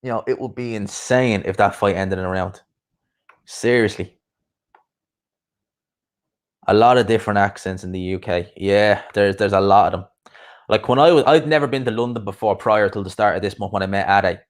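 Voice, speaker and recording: Young man, fairly low voice, rambling casual live-stream chat. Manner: rambling, chatty, quick asides and laughs. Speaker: YouTube boxing streamer.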